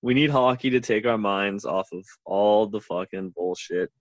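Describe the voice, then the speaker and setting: A man's voice: on the low side, moderate pace, no room sound. A man co-hosting a casual podcast, making blunt, profane wisecracks in an offhand way.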